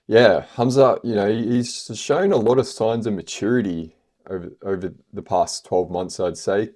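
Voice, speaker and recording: A man's voice: deep voice, darkish tone. A man hosting a casual fight review podcast, rambling with lots of fillers and the odd swear word. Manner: rambling, heavy on fillers like "you know" and "like". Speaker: MMA podcast host.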